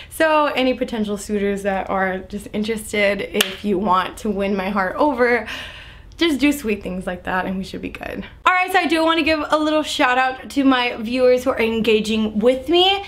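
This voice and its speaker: A young adult woman vlogger chatting casually as she recaps a TV episode, animated and full of "like" fillers. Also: on the high side, moderate pace. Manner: animated, lots of "like" fillers, acts out quotes.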